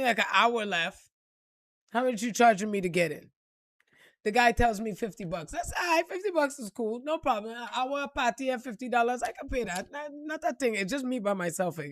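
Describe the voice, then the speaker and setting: Woman, casual profane vlog storyteller, slightly high voice, dry close sound. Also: dry recording. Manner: animated and profane, acting out quotes with laughs. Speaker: vlogger telling a personal story.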